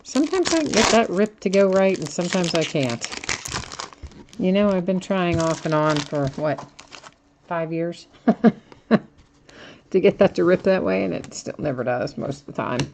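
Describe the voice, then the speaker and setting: Low-voiced chatty woman opening card packs. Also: lively intonation, normal speed, pauses often, noisy background. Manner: chatty, laughs at herself, reads out card names. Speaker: card break host. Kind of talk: casual live-stream commentary while opening cards.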